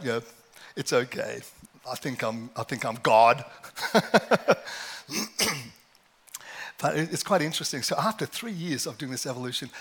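A man's voice: medium pitch, a bit bright, breathy edge. A middle-aged man preaching a sermon in a conversational, self-deprecating way, telling personal stories and laughing often.

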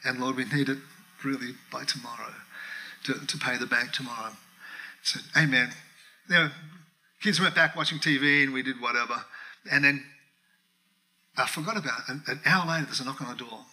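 A middle-aged man preaching a sermon, telling a personal story with animated acted-out dialogue and frequent laughter. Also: medium pitch, brisk, pauses often, rough recording. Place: church.

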